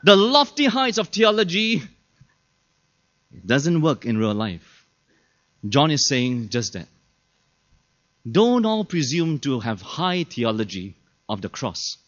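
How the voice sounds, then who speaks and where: A pastor with a slightly high, fairly bright voice preaches slowly, with huge pitch swings and long pauses. Chatty and full of rhetorical questions, he acts out quoted people in changed voices, heard through a dull lo-fi recording.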